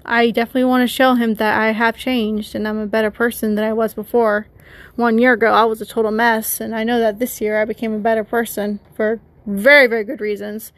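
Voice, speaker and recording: A person with a feminine voice hosting a confessional solo podcast, talking haltingly with many restarts and addressing listeners directly. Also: female voice, on the high side, level tone. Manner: conflicted, rambling, talks to listeners. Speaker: podcast host.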